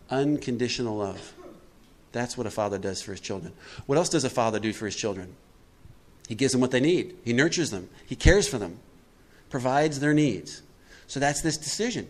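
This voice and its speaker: A man giving a recovery workshop talk, asking his listeners questions and answering them himself, acting out quotes with big swings in pitch and loudness. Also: normal speed. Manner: preachy, asks the room questions and answers them; acts out quotes with animated swings in pitch and volume. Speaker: workshop speaker.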